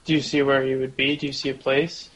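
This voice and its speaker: A man's voice: medium pitch, level tone, fast talker, a bit bright, low-quality recording. A man playing a tabletop role-playing game, brash and swearing freely in casual banter. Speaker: player.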